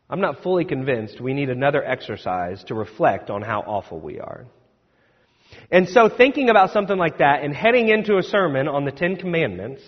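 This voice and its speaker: A man's voice: fairly high pitch, husky. A man preaching a sermon as pastor, in a conversational, self-deprecating storytelling manner. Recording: echoey hall, dull sound.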